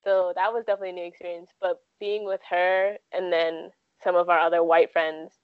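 A woman's voice: on the low side, little pitch movement, fairly quick, clear, resonant tone, no echo, phone-quality sound. A woman in her twenties telling stories casually in an interview, with lots of "like" and "um" fillers. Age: 20s. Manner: chatty, frequent "like" and "um" fillers. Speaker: guest.

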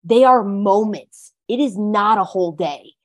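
A woman's voice: medium pitch, unhurried. A woman guest talking earnestly about recovery, leaning on frequent "like" fillers as she goes. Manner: earnest, heavy use of "like" fillers. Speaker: podcast guest. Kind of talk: casual conversation about recovery.

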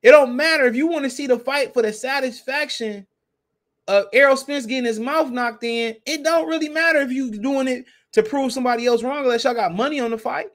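A man's voice: very high voice, brisk, fairly bright tone. A man hosting a podcast, ranting in a heated, profane, repetitive way. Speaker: podcast host. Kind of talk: casual podcast rant.

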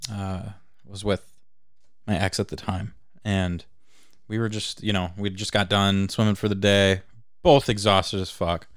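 A man co-hosts a podcast in a laid-back way, trading quick reactions before telling his own story. His voice sits low and the sound is dry and close. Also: little pitch movement, clean tone, no echo. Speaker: podcast co-host. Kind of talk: casual chat.

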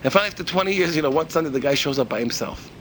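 A man giving a spoken religious lesson as an animated storyteller, repeating himself and asking rhetorical questions. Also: fairly high pitch, racing, a little hiss or hum. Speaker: religious teacher.

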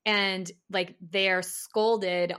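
A woman's voice: mid-range voice, level tone, extremely slow, fairly bright tone, smooth. A woman in her thirties, a podcast guest talking casually in an upbeat, chatty way with lots of "like". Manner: upbeat, chatty, says "like" often. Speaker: podcast guest, parental leave consultant. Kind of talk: casual chat.

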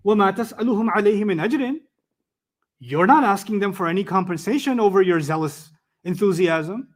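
A man giving a Quran commentary lesson, animated and full of rhetorical questions, reciting Arabic verses between his explanations. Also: high-pitched, racing. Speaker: Quran teacher. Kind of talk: tafsir lecture.

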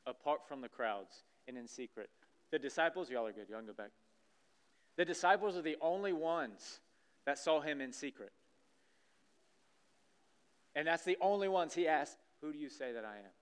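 Animated preacher with a smooth voice. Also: male voice, fairly high pitch, normal speed, pauses often. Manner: animated preaching, acting out scripture scenes. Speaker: pastor. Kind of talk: sermon. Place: church sanctuary stage.

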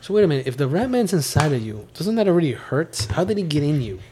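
Animated laughing man telling a story. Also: on the high side, fast talker, slight background noise. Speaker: podcast host. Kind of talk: casual chat.

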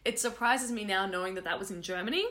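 A woman co-hosting a podcast in relaxed conversation. She tells her stories with enthusiasm and breaks into laughter often. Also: mid-range voice, fast. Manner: laughs often, animated storytelling. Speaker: podcast co-host. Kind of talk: casual chat.

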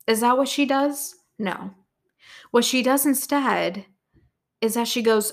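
A woman's voice: on the high side, slow pace, long pauses. A young adult woman hosting a podcast, talking through a motivational lesson in a chatty, casual way, tossing in "right?", filler words and the odd swear. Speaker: podcast host and business coach.

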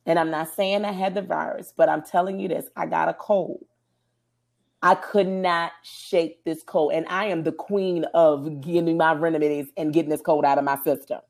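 A woman co-hosting a podcast, telling stories in an animated, emphatic way during casual chat. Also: low-pitched, fairly quick, gravelly, hardly any pauses. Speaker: podcast co-host.

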